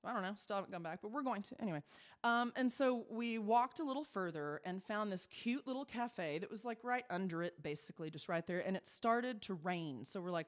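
A woman cabaret performer telling a chatty, animated story on stage. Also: mid-range voice. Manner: chatty, animated, quick asides.

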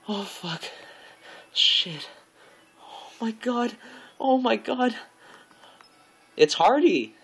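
Young guy streaming a game, kinda high voice, freaking out, gasping and cussing, rambling to chat. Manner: overexcited, gasping, swearing, repeating himself; rambling, talks to viewers and friends on a call. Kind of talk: live gameplay commentary.

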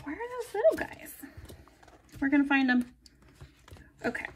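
Giggly high-voiced woman crafting. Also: big pitch swings, normal speed, slight background noise. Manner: chatty and giggly, drifting into soft murmurs while crafting. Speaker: planner vlogger. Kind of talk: casual plan-with-me narration.

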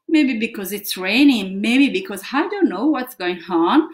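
A woman's voice: mid-range voice, lively intonation, slow pace, few pauses. A woman teaching English to children, acting out emotions with gasps and whispers.

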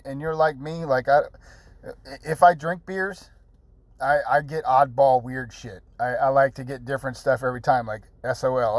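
A man's voice: mid-range voice, dry recording. Chatty, rambling man with a dry sound. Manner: rambling and chatty, with repeated words and fillers; jokey and blunt, with mild swearing. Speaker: channel host. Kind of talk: casual screen-recorded app tutorial.

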